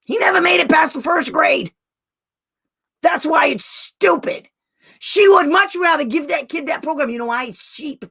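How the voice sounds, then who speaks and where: A woman's voice: sits high, normal speed, a bit bright. A woman special education advocate talking to parents in a blunt, angry rant, raising her voice at times and laughing between outbursts. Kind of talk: heated live talk to parents.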